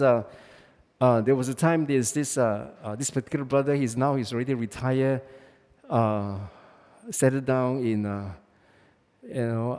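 A man's voice: mid-range voice, darkish tone. A man preaching a sermon, emphatic, with many restarts and fillers. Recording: long hall reverb.

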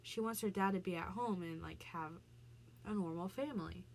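A woman's voice: lowish voice, moderate pace, creaky, slight background noise. A woman talking casually as a vlogger, explaining the meaning of song lyrics with many fillers and restarts. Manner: chatty, frequent "like" fillers and restarts.

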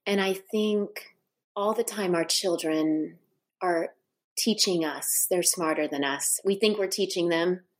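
Middle-aged woman guest, slightly low voice, earnest, tells stories with frequent restarts. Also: slow pace. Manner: heartfelt, with many restarts and asides. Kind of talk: personal storytelling in a conversation.

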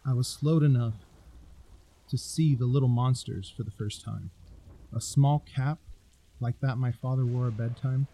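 A man narrating a scary story in a deliberate, storytelling manner. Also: mid-range voice, dark tone, slightly rough, rough recording.

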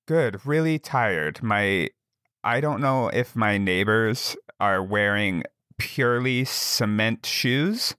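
A man's voice: fairly low pitch, slow pace, smooth, dry recording, studio quality. A young adult man co-hosting a comedy podcast, telling self-deprecating stories in casual chat. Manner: animated, self-deprecating storytelling.

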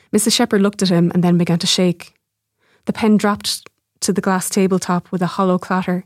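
A woman, an author reading her own short story aloud in a measured, even way. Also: on the low side, dry recording, studio quality. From Ireland.

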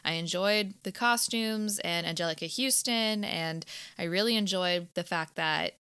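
A woman's voice: lowish voice, unhurried, bright, forceful tone, clean tone, no echo. A young woman co-hosting a podcast, chatting in a laid-back way and laughing often. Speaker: podcast co-host. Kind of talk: casual chat.

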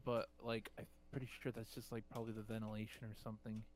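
Quiet, hesitant young man with a flat voice. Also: on the low side, quick pace. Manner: quiet, hesitant, soft-spoken. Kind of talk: casual chat.

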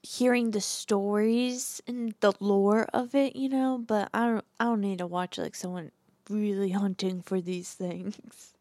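A woman's voice: mid-range voice, steady tone, unhurried, mellow, no room sound, clean studio sound. A woman casually chatting about a movie on a podcast, giggly and chatty. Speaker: podcast co-host. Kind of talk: casual movie review chat.

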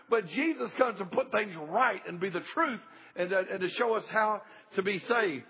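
A man's voice: high voice, lively intonation, normal speed, husky, lo-fi sound. A male pastor preaching a sermon in a church service, emphatic, repeating key phrases and calling for amens.

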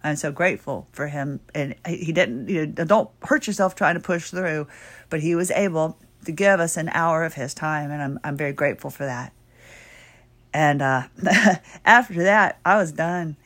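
A middle-aged woman hosting her own podcast, chatty and rambling with sudden excited bursts, while her voice is giving out. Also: low-pitched, moderate pace. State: losing her voice. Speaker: podcast host. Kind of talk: casual solo podcast talk.

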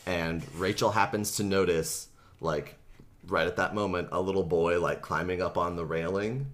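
A man casually recapping a book for a comedy podcast, animated, acting out the characters' lines and laughing often. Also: low voice, normal speed. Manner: animated retelling, acts out quotes, laughs often, many fillers.

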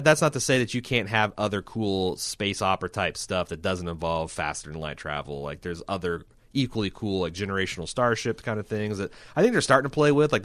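A man co-hosting a podcast, chatting casually about a film in a rambling, animated way. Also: no room sound. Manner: rambling, animated, breaks into mocking high-pitched impressions. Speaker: podcast co-host.

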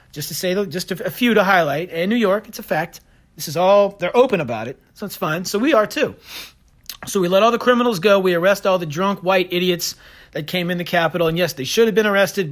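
A man's voice: high-pitched, a bit bright. A man hosting a solo podcast, ranting in a combative, sarcastic way and daring listeners to prove him wrong. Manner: combative, sarcastic, fast-talking. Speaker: podcast host. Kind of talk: opinionated solo podcast rant.

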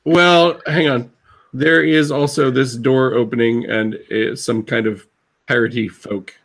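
Male game master, casual, gravelly, laughs easily, video call. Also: medium pitch, steady tone, fairly bright tone. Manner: laid-back, quick to laugh. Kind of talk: narrating a tabletop game over video call. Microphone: video call mic.

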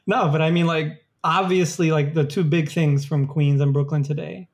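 A man hosting a casual conversation, relaxed and quick to laugh, with lots of "like.". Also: on the high side. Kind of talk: casual chat.

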